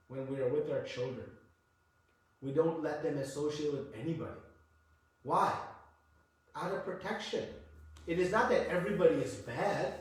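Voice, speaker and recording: A slightly high-voiced man preaches a devotional sermon, hammering key words by repeating them and dropping between loud stress and quiet asides. He sounds distant from the microphone, and his voice rings through a very echoey room. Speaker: scripture lecturer. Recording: very echoey room, voice far from mic.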